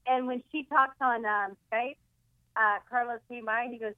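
A woman's voice: on the high side, fairly even intonation, normal speed, no echo. A woman calling in as a guest, chatting casually and joking, laughing often. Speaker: phone-in guest comedian. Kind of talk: casual chat. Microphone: phone line. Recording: tinny dry phone line.

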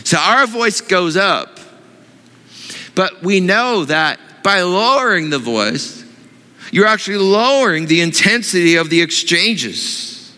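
A man preaching a sermon, asking his congregation questions in an animated way. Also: sits high, slow pace, long reverb tail. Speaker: pastor.

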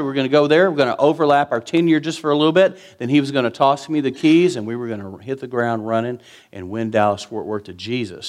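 A man, preaching a sermon in an earnest, conversational way with emphatic repetition. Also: medium pitch. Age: 50s. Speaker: pastor.

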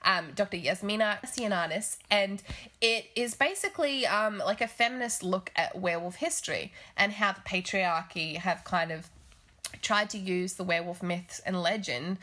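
A woman hosting a casual podcast, animated and exclamatory, swearing freely. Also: mid-range voice, moderate pace. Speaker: podcast host. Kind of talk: casual chat.

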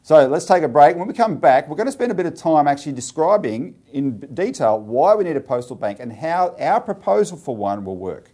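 A man's voice: a little high, sing-song, brisk, hardly any pauses, mellow. An Australian man co-hosting a political talk show, urging viewers directly and speaking with emphasis. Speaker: co-host.

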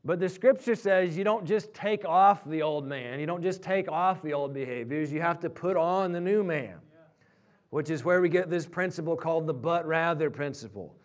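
A man preaching a sermon, telling stories that build loud and high at their peaks. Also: normal speed. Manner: storytelling, rising loud and high at climaxes. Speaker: pastor.

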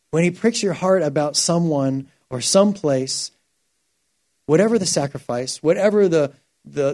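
A male pastor delivering a sermon, his voice sitting somewhat high yet soft and mellow. He tells stories with real energy, swinging from hushed, earnest passages to excited, louder bursts. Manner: animated storytelling, shifting from quiet to loud.

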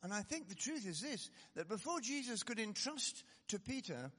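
A man preaching a sermon in an animated, conversational way, with self-deprecating asides. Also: sits high, normal speed, slightly rough, in a large hall.

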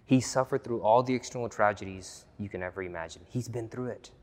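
A man preaching a sermon as pastor, earnest and repetitive, dropping to a hush and then rising loud again. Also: fairly low pitch, a little fast. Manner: earnest, repeats key phrases, swings from hushed to loud. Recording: long reverb of a large hall.

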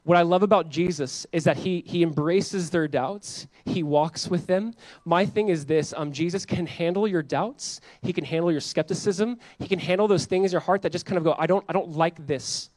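A young male pastor preaching a sermon with animated, self-mocking storytelling. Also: high-pitched, normal speed, no echo. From Southern California.

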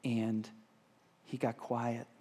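Male pastor, husky tone, expressive preaching with dramatic volume swings. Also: mid-range voice, very slow. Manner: animated storyteller, shouting the story's lines, dropping to a hush. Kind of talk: sermon with storytelling and prayer. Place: church hall.

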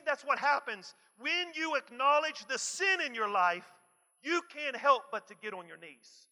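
A man preaching a sermon emphatically, repeating key phrases and swinging from soft asides to shouts. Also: very high-pitched. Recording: long hall reverb.

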